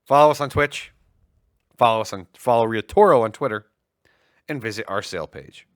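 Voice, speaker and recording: This livestream co-host, a man with a medium-pitched voice, jokes around animatedly on a casual tech and gaming stream and rattles off sales promos fast. The sound is studio quality without echo.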